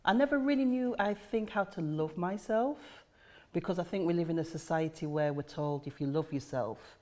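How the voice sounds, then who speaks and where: A woman's voice: on the low side, moderate pace, a little mellow. Reflective woman, emphatic. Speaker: charity chair and guest. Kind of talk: podcast conversation.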